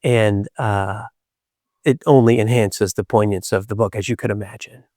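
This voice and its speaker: A man hosting a podcast, telling reflective spiritual stories in an animated, playful way with many hesitations. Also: lowish voice, moderate pace, no echo, studio quality. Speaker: podcast host.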